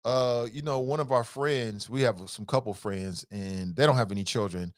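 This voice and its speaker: A middle-aged man hosting a talk show, reading viewer comments and answering them in an animated, emphatic way. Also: medium pitch, no room sound, clean studio sound. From United States. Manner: animated, emphatic, drawn-out repetitions. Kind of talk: casual live-stream talk.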